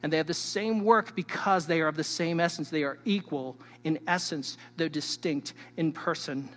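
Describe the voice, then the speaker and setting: Man, pastor, sermon, emphatic, teacherly, high-pitched, long hall reverb. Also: moderate pace. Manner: emphatic, swings between loud and hushed; teacherly, addresses the listeners directly.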